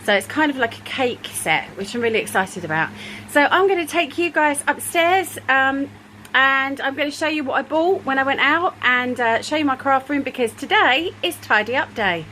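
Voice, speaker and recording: A woman talks through her craft room in a relaxed, rambling way, full of ums and soft laughs. Her voice sits a little high and she sounds slightly out of breath. A faint hiss of room noise lies under the handheld camera audio. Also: normal speed, rough recording. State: a bit out of breath. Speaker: craft vlogger. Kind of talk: casual vlog chat. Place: home craft room, indoors.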